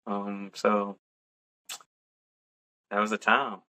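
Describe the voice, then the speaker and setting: A young adult man and podcast co-host, casually telling a personal story in a relaxed, chatty way and laughing along. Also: fairly low pitch, slow pace, pauses often.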